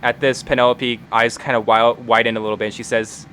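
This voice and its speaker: A man running a tabletop game, narrating loosely with lots of filler words. His voice is middle-pitched, with a faint hiss in the background. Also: flat delivery, a little fast, a bit bright. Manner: casual, filler-heavy narration. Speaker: game master.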